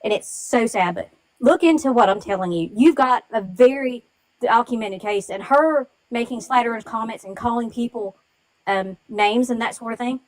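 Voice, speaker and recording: Woman caller, emotional and rambling, slightly high voice. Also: moderate pace, rough recording. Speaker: caller on a livestream. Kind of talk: live-stream call-in.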